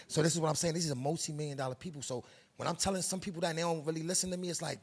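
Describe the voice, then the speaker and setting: A middle-aged man from Harlem with a New York accent talks in a gravelly, husky voice. He lectures in an interview with streetwise slang and emphatic, preachy conviction. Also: a little high, fast talker. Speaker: production company head. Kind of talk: interview, casual monologue.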